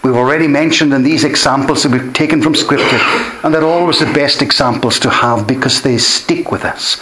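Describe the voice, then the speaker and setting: Earnest preacher in an echoey church. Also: male voice, medium pitch, brisk, background noise. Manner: earnest, emphatic, repeats key phrases. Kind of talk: sermon. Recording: echoey room.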